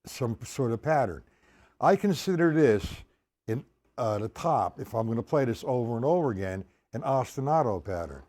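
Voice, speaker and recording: A man's voice: medium pitch, animated, moderate pace, a little mellow, slight background noise. A man teaching a drum lesson, explaining patterns step by step and counting sixteenth notes aloud. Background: drum kit playing.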